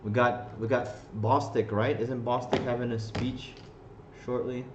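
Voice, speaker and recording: A man's voice: medium pitch, little pitch movement, a little slow, very noisy. A man hosting a trading live stream, chatting casually in a rambling, profane way and laughing often. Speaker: trading livestream host. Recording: roomy, slightly dull stream audio.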